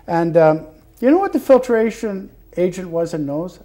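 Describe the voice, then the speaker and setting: An older man from Canada, a retired fire captain, telling stories as a guest in an interview, acting out the dialogue with loud animated bursts. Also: high-pitched, moderate pace. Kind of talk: anecdotal interview storytelling. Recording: television studio interview.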